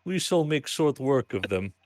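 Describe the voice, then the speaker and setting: A man voicing a smug, grandiose stereotypical vampire with a put-on Slavic accent and a slow, theatrical drawl. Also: medium pitch, very animated, darkish tone, close to an everyday voice.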